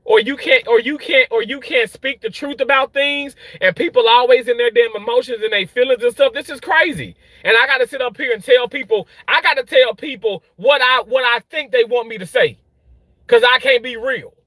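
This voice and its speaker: A man who works in healthcare, ranting in an emotional vlog, swinging from loud yelling to quiet, halting talk, often repeating himself and swearing. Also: very high voice, no room sound, rough recording. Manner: repeats and restarts phrases, swears. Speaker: healthcare worker.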